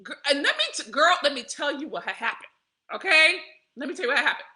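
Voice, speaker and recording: Animated, lively-voiced woman vlogger. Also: sits high, quick pace. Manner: animated, profane, laughs often, addresses listeners as y'all. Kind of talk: candid personal storytelling to camera.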